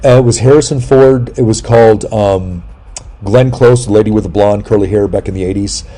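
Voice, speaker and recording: A man talks in a loose, rambling way, his voice mellow and dark. He tells stories with animated asides, suddenly pitching up to mimic people, and swears without a second thought. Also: brisk. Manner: swears freely. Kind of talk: casual chat.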